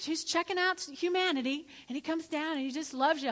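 A middle-aged woman preaching a lively sermon, animated and joking, sometimes acting out voices. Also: sits high, a little fast. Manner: animated, jokey, acts out voices. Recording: church hall reverb.

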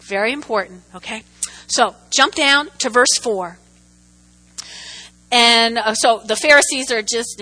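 A woman preaching a sermon, animated and repetitive, often checking in with her listeners. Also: fairly high pitch, normal speed, poor audio. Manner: animated, repeats for emphasis, checks in with "okay?".

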